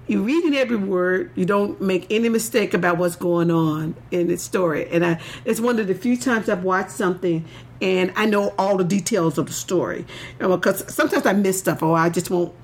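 A woman's voice: medium pitch, normal speed. A woman chatting casually as a co-host, laughing often and restarting her sentences. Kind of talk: casual chat.

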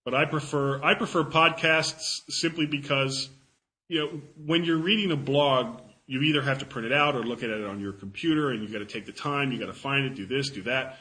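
A man's voice: medium pitch, fairly quick, pushed and bright, poor audio. A man giving a casual talk and answering audience questions, chatty and self-deprecating, often repeating words as he thinks.

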